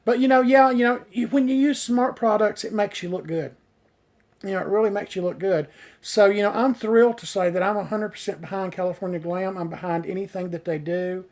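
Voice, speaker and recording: A man's voice: sits high, fairly quick, darkish tone. A man working as a hairstylist, chatting casually on a live stream and answering viewer comments, rambling enthusiastically with lots of filler words and getting tongue-tied on hard words. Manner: rambling, heavy on "you know" fillers, enthusiastic.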